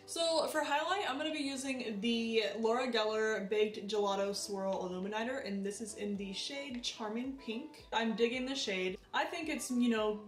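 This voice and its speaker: Girl chatting thru her makeup routine, sounds kinda far from the mic, echoey room, bit of music behind. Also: mid-range voice. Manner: chatty, animated, self-deprecating. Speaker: beauty vlogger. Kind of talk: casual makeup tutorial chat.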